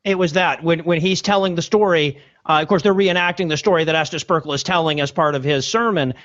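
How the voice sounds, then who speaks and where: A man with a fairly high voice chats loosely on a podcast, often restarting his sentences and chuckling between thoughts. The recording is dry and a little dull in tone. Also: a little fast, a bit bright, no room sound. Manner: talkative, with frequent restarts and laughter. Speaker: podcast co-host. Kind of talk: casual podcast discussion.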